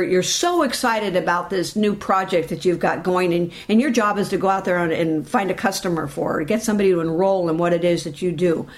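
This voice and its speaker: A woman giving a motivational talk, speaking directly to her listeners in an animated way. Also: medium pitch.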